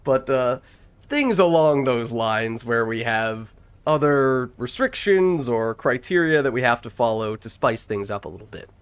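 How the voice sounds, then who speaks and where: A man's voice: mid-range voice, expressive, unhurried, clear, resonant tone. Chatty man streaming a game. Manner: chatty, thinks aloud, laughs often. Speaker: gaming streamer. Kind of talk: casual gameplay chat.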